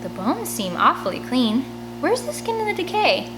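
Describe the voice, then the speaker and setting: A woman voicing a calm, curious know-it-all boy who explains things in a matter-of-fact way. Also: high voice, normal speed, music in the background, voice pushed up.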